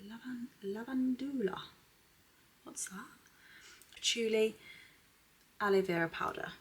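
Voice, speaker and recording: A woman chatting casually at home, swearing freely and slipping into soft, half-whispered asides. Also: on the high side, slow, breathy edge. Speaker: beauty vlogger. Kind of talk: casual unboxing chat. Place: at home, indoors.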